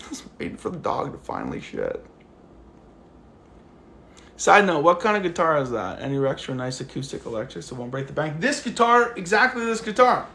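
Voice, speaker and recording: A man's voice: fairly high pitch, unhurried, vocal fry, long pauses, echoey room. A man ranting casually on a phone livestream while out walking his dog, acting out the people in his stories and swearing freely. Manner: animated storyteller, acts out quotes, swears freely. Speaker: livestream host.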